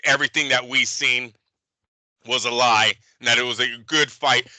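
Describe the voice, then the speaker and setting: A man's voice: mid-range voice, steady tone, normal speed, bright, forceful tone, dry recording, rough recording. A man co-hosting a boxing podcast, ranting in heated, profane casual chat. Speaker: boxing show co-host.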